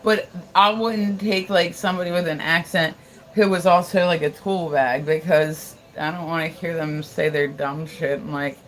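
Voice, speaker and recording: A woman's voice: low voice, fairly even intonation, normal speed. A young American woman chatting casually on her live stream, blunt and rambling, repeating herself and swearing freely. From United States. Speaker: livestream host.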